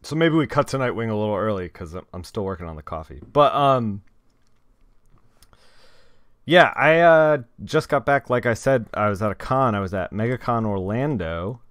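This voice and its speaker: A man's voice: lowish voice, animated, moderate pace, fairly bright tone, dry recording. A young man chatting casually with his viewers on a live stream, rambling and talking straight to them.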